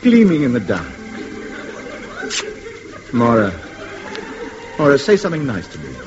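A man's voice: medium pitch, huge pitch swings, a little slow, music in the background. An actor playing a pompous, bumbling crook who stumbles over his words, in vintage radio comedy. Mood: wooing. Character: pompous bumbling male crook, comically nervous. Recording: dull old radio recording with loud hiss.

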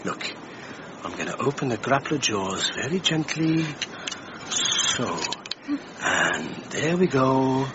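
A soothing animal rescuer. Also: male voice, mid-range voice, very animated, slow pace. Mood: reassuring. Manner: soothing, patient. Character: gentle, reassuring man who rescues animals. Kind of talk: radio drama acting. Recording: dull lo-fi radio drama recording with clear background noise.

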